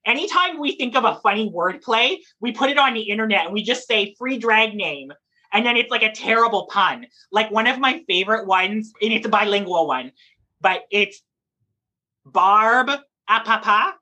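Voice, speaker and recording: A woman who performs in drag and reads at story time, chatting in a lively, playful interview and laughing often. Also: mid-range voice, fairly quick, slightly rough.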